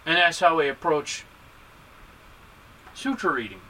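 A man with a high voice gives a Buddhist dharma talk to his group. He teaches in an animated, joking way, and his pitch swings hard for emphasis. The tone is very bright and sharp. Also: takes it slowly, rough recording.

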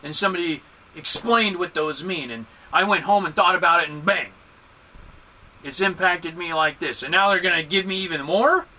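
A man giving a Buddhist dharma talk to a group, animated and joking, with emphatic swings in his voice. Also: sits high, normal speed, poor audio. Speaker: Buddhist teacher.

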